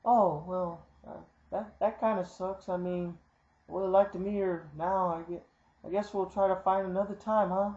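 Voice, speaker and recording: A man's voice: high voice, fairly even intonation, moderate pace, darkish tone, natural voice. A man voicing a suspicious wife who confronts her husband in a demanding, accusing way, in a roomy, muffled lo-fi recording. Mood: apologetic.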